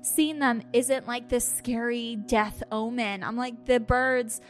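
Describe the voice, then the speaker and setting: A woman on a podcast, casually telling a personal story with animated asides and acted-out quotes. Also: fairly high pitch, unhurried, soft background music. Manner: animated storytelling, acts out her own quotes with laughs. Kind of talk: casual chat.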